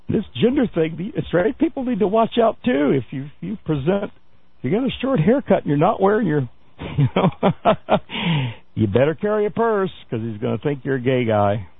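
Brisk and on the high side, a male radio host with a gravelly, rough voice and big pitch swings leads a talk radio news segment. His delivery is full of fillers, restarts and wry asides, and the dry recording has a thin, boxy, phone-line quality.

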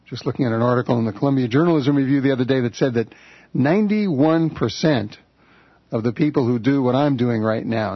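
A man's voice: medium pitch, slightly rough, no room sound, lo-fi sound. A man guest-hosting a political talk radio show from a studio, talking in a conversational, wry way with filler uhs.

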